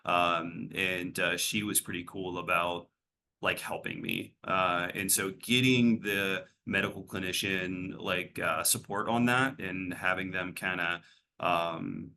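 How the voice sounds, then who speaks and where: A man's voice: sits low, fairly even intonation, slow, bright, forceful tone, slight background noise. A man working as a behavioral health clinician, answering interview questions in a rambling, casual way, full of fillers and restarts.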